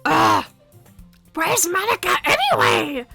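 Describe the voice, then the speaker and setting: A woman voicing a brash, bossy teenage schoolgirl who snaps and shouts. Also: very high voice, wildly swooping pitch, slow, vocal fry, faint music behind, full character voice. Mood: bratty. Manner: snappy, shouty.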